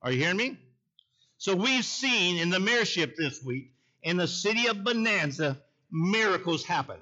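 A man's voice: high-pitched, lively intonation, moderate pace, bright, forceful tone, muffled recording. A man preaching a sermon in a folksy way, telling a story and calling out to the congregation. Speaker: pastor.

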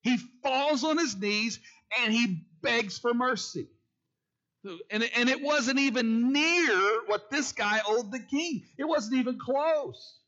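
A man's voice: extremely high pitch, slow pace, sharp tone. A man preaching a sermon who repeats key phrases and asks the congregation questions, in a dull lo-fi recording. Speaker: pastor.

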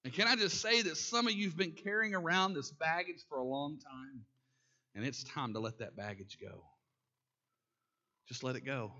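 A pastor preaching in a high, bright voice. He keeps it folksy and conversational, throwing questions at the congregation and chuckling at his own asides. The sound is a bit dull and lo-fi. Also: moderate pace. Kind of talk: sermon.

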